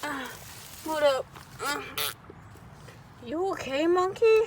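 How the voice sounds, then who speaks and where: A man's voice: very high-pitched, takes it slowly, bright, forceful tone, a little hiss or hum. A man voicing a laid-back cartoon octopus in a homemade cartoon, drawling easily with many fillers. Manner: drawling, easygoing, lots of fillers.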